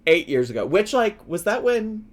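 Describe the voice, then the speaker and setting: A man hosting a reaction video, giving casual, playful commentary with frequent giggles and drawn-out asides. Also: high voice, sing-song.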